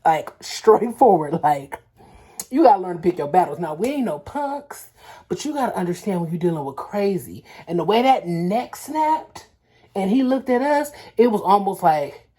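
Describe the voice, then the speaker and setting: Husky, mellow-voiced young woman vlogger. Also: mid-range voice, moderate pace. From Los Angeles. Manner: animated, slangy storytelling with acted-out quotes. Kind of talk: casual storytelling vlog.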